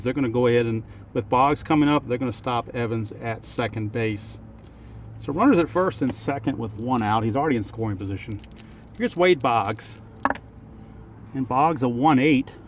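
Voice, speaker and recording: A man's voice: mid-range voice, slight background noise. A man calling play-by-play for a tabletop baseball game outdoors and thinking aloud over each roll. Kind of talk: play-by-play commentary of a dice game.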